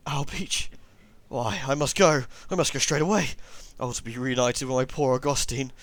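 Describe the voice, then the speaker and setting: A man's voice: mid-range voice, fairly even intonation, normal speed, fairly bright tone, dry recording, lightly acted. A man voicing an elderly, sentimental drunken sailor with theatrical, old-fashioned speech in a comedy accent. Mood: overjoyed, anxious. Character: elderly male drunken sailor, sentimental about his lost ship. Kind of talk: comedy voice in a game playthrough.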